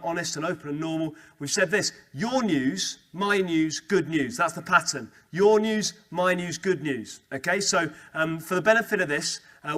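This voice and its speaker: A young man giving a lively, conversational talk to a student Christian group, repeating key phrases for emphasis. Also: on the high side. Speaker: speaker at a student Christian Union meeting. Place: student meeting room.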